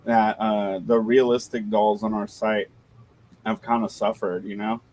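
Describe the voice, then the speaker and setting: A man's voice: lowish voice, little pitch movement, unhurried, a little mellow, slight background noise. A man co-hosting a casual livestream chat, telling stories loosely and swearing freely. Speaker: co-host of a doll shop stream.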